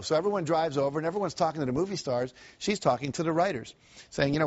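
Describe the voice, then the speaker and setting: A man's voice: a little high, animated, fast, gravelly, muffled recording. A man giving a live motivational talk, telling stories and acting out the voices he quotes, often asking the audience questions. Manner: storytelling, acts out quoted voices. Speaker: motivational speaker.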